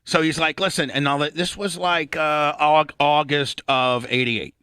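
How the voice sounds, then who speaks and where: A man in his fifties hosting a radio talk show, telling a rambling, profane story and clearing his throat often. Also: a little high, steady tone, unhurried, sharp tone, no room sound, clean studio sound.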